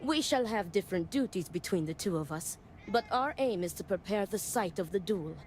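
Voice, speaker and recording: A woman voices a steady, earnest figure from a game, speaking in measured, formal sentences. Her pitch sits in the middle, with faint noise behind. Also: close to an everyday voice. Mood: explanatory. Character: calm, earnest adult woman, duel second.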